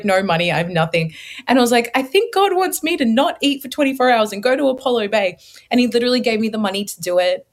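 Earnest young woman telling her story. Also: medium pitch. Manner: earnest storytelling, acts out her own past thoughts in quotes. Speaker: guest. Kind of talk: personal testimony interview.

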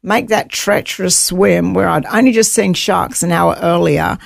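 A woman's voice: fairly low pitch, fairly even intonation, measured pace, gravelly, no room sound, studio quality. A woman guest on an interview show, vividly retelling her own survival story. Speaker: guest, author.

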